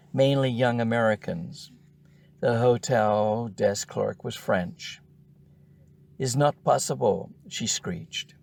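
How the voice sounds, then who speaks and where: An older man reading his own memoir aloud in a measured, wry first-person storytelling manner. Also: on the low side, creaky, a little mellow. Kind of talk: audiobook narration.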